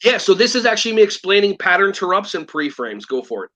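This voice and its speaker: Brief: American man, excitable guest, high voice, acts out quotes. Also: fast. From United States. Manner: animated, acts out kids and teachers in quoted voices. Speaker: guest, behavior trainer for preschool teachers. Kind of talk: enthusiastic interview talk.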